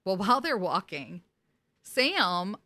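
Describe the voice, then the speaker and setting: A woman hosting a rewatch podcast, telling the story of an episode in a loose, animated way, with frequent laughs and quick impressions. Her voice is bright and forward, at a middle pitch. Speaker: podcast host. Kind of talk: casual chat, episode recap.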